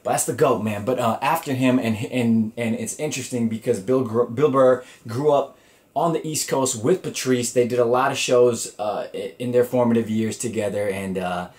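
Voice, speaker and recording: A man's voice: mid-range voice, normal speed, a little mellow. A man hosting his own comedy podcast alone, talking loosely and profanely with lots of fillers and restarts. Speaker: podcast host. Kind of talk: casual solo podcast talk.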